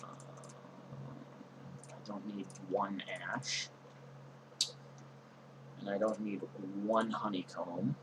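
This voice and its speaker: Slow, low-voiced man casually narrating gameplay. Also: background noise. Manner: relaxed, meandering, many ums and uhs. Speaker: streamer playing a game. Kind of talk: casual let's-play commentary.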